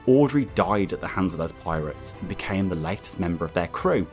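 A man's voice: low voice, animated, brisk, soft background music. A chatty man hosting a tabletop game as game master, reading a recap. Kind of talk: casual chat and scripted recap narration. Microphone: webcam setup.

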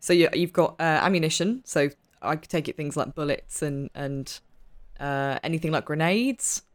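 Excitable woman playing a tabletop game. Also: deep voice, moderate pace. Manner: excitable, chatty, laughs often. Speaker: player. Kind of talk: tabletop role-play chat.

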